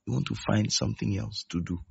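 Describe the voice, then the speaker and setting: A man's voice: fairly low pitch, fast talker, vocal fry, a little mellow, husky. A man preaching a sermon, emphatic and repeating his key phrases. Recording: dull lo-fi recording.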